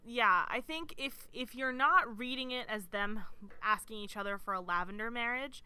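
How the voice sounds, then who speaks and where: A woman's voice: fairly high pitch, normal speed, bright, forceful tone, clear, resonant tone. A woman co-hosting a podcast in casual chat, thoughtfully building her argument point by point. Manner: thoughtful, argues a point step by step. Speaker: podcast co-host.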